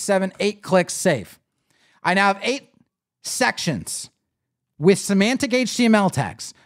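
High-voiced man teaching web design live. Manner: casual, animated, talks to viewers while clicking. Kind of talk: live screen-share tutorial.

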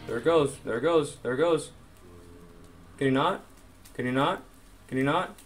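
A man giving let's play commentary, excitably talking to the game's items and swearing playfully. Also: medium pitch, moderate pace. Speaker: gaming YouTuber.

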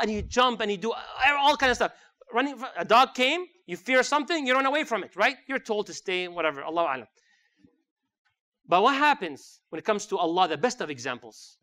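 Guy in his 30s giving a lively sermon, high voice, acts out little voices. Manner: animated, acts out voices, quotes Arabic verses. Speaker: preacher.

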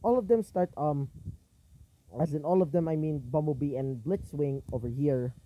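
A man's voice: on the high side, moderate pace, highs cut off, slight background noise. A man casually improvising a fan-fiction story, rambling with many ums and a bit of swearing.

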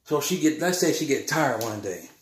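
A man's voice: medium pitch, big pitch swings, moderate pace, echoey room. A man, rambling through a heated spiritual monologue, repeating himself and ending his lines with "man". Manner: heated, repetitive, keeps saying "man" and "bull crap".

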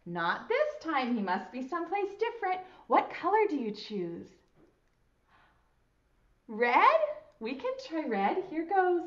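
A woman preschool teacher talking to young children on video in a sing-song, slow, exaggerated way, full of praise, at her school. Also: high voice, huge pitch swings. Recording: roomy, slightly dull lo-fi sound.

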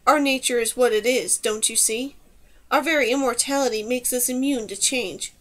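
A haughty immortal male Stormwing with a sneering, imperious manner, as a woman narrator puts him on. The voice sits a little high. It is an audiobook reading of a fantasy novel. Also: moderate pace, a bit bright, natural voice.

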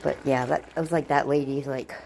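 A woman's voice: a bass voice, steady tone, fairly quick, creaky, darkish tone, a little hiss or hum, poor audio. A woman chatting casually in a rambling, repetitive way while walking her dog and cooking, now and then baby-talking to the dog. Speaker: vlogger.

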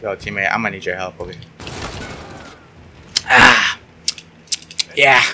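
Over a noisy background, a young gaming YouTuber casually commentates his online shooter match in an unhurried, lowish voice. He's sarcastic, swears frequently, and lets out yelps when things go badly.

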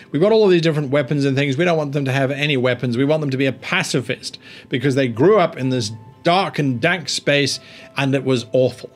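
A man on a screen-recording voice-over explains tabletop game mastering, thinking aloud and often restarting sentences. His voice is fairly high and swoops widely in pitch. Faint music runs in the background. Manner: animated, rambling, thinks aloud with many restarts. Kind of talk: tabletop roleplaying tutorial.

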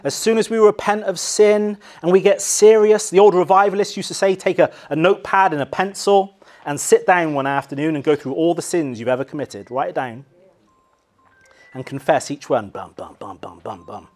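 Here a pastor, male and English-accented, moves from acted-out loud cries down to hushed, low emphasis as he preaches. His pace is a touch quick.

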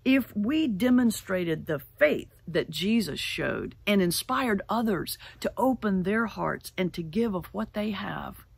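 A middle-aged woman pastor giving a sermon, telling a folk tale in an animated way and slowing down to stress key words. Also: medium pitch, vocal fry, husky, dry recording. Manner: animated storyteller, slows for emphasis. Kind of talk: sermon with storytelling. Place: church sanctuary.

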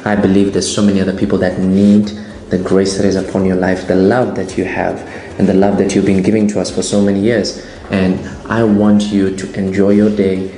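Deep, flat-voiced man in an echoey room. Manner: earnest, slow and prayerful. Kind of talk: recorded birthday greeting. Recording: echoey room with faint ambient noise.

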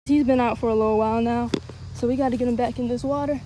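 A tired woman with a cracking voice, rambling excitedly in a casual outdoor fishing vlog by a pond, recorded on a handheld camera. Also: on the high side, fast talker, slight background noise, low-quality recording. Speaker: fishing vlogger. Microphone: handheld phone or action camera.

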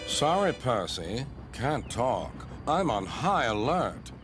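A man voicing a busy, self-important helicopter who talks in brisk, clipped phrases, over music. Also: mid-range voice, big pitch swings. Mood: curt.

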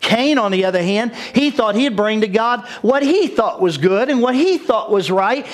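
High-voiced, animated male pastor preaching. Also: normal speed, few pauses. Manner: animated, laughs at his own jokes. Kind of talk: sermon.

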